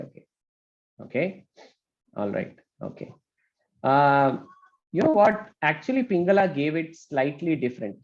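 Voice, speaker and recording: Brisk male math teacher on a muffled call. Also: medium pitch. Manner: brisk, checks in with frequent "okay?". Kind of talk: online class lecture. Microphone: video call.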